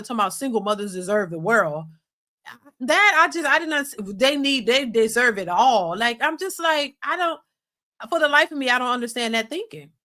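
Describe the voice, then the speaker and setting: Casting: woman host, high bright voice, emphatic live-stream commentary with frequent restarts. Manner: animated, restarts often, emphatic. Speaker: reaction channel host.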